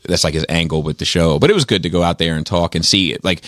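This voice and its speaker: A man's voice: low voice, fast, a bit bright, no room sound, studio quality. A man hosting a casual podcast chat, rambling with lots of fillers and some swearing. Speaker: podcast host. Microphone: studio mic on arm.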